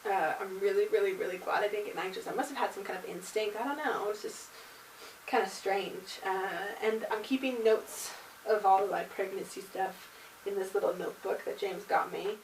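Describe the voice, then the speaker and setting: A woman's voice: medium pitch, fairly even intonation, normal speed, recorded from a distance. A young woman chats through a casual home vlog, peppering her talk with likes and ums. Her voice sits a little away from the mic in a roomy space. A faint hiss runs underneath. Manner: chatty, with many likes and ums. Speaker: vlogger. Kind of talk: casual pregnancy update vlog.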